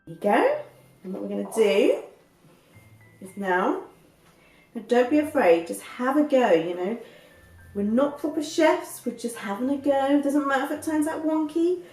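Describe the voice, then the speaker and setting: A woman's voice: sits high, very animated, normal speed, pauses often, darkish tone, faint music behind. A woman hosting a home cooking lesson, explaining each step in a chatty, encouraging way. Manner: encouraging, chatty, gets out of breath while kneading. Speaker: cooking show host.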